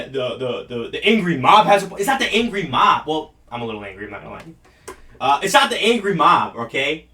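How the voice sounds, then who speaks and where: A man's voice: high-pitched, bright, forceful tone, far from the mic. A man hosting a political talk show, ranting in a heated, profane, mocking way. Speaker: show host.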